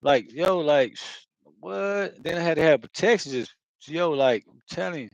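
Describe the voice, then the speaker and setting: Rambling, profane man, fairly high voice. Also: expressive, normal speed, vocal fry, dry recording, dull audio. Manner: loose, profane, full of filler phrases; repeats himself, circles back. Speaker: spiritual video host. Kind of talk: rambling casual monologue.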